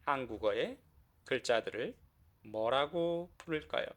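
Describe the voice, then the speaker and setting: A man with a Korean accent teaching a beginner language lesson, speaking slowly and repeating words for learners. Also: mid-range voice, expressive, fairly bright tone, a little hiss or hum. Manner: slow, repetitive, encouraging teacher talk.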